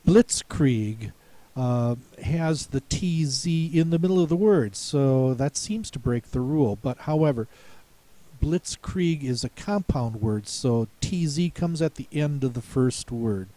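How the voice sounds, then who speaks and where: A man teaching a spelling lesson, speaking slowly and deliberately, pausing to repeat words and spell them out. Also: medium pitch, lively intonation, warm tone, dry recording. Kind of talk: slow explanatory lesson.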